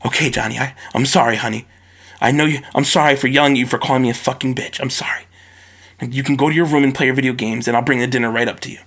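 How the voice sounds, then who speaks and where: A man voicing a meek, cowed mother who softly apologizes and placates her child. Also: medium pitch, fairly even intonation, fast. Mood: meek, placating.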